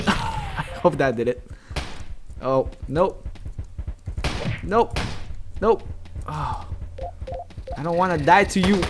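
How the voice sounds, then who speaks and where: Excitable man commentating a game. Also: a little high, extremely slow, long pauses, background noise. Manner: excitable, chatty, yelps and laughs at the game; talks directly to viewers. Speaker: let's play gamer. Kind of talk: gameplay commentary.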